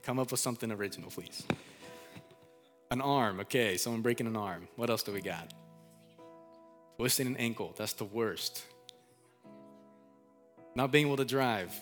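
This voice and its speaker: Preaching in church, this pastor keeps things informal, says "like" constantly, repeats himself, and asks the congregation to call back responses. He has a fairly low pitch and a fairly bright tone.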